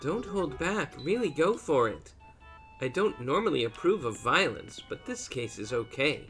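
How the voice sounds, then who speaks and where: A man voicing an excitable goose villager, reading game dialogue in a shouty, gleeful way. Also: on the high side, moderate pace, faint music behind. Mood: egging on.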